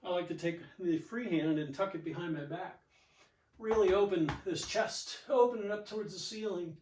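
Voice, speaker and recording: Guy coaching a yoga class, kinda high bright voice, chatty and encouraging, mic a bit far off. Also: normal speed, slight background noise. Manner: chatty, encouraging, talks through each cue. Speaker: yoga and fitness instructor. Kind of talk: guided exercise instruction. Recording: echoey room, mic at a distance.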